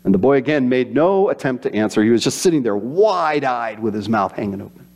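A man's voice: medium pitch, fairly quick. A man preaching a sermon, telling stories with acted-out quotes and voices. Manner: animated storytelling with voiced quotes. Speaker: pastor.

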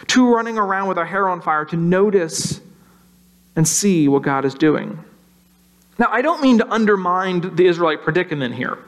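High-voiced male pastor preaching. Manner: conversational, acts out worried voices, slows for emphasis. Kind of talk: sermon.

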